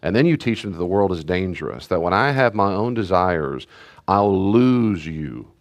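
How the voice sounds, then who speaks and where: A man's voice: low voice, animated, brisk. A middle-aged man, a pastor, teaching parents in a conversational way, repeating key phrases and acting out parent and child voices. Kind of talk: teaching talk to a church group.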